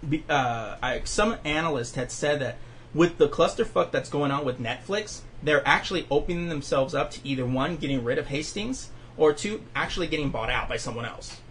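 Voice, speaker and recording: Rambling through a casual podcast conversation full of fillers and restarts, this host has a slightly high, bright, expressive voice at normal speed. There's a bit of background noise.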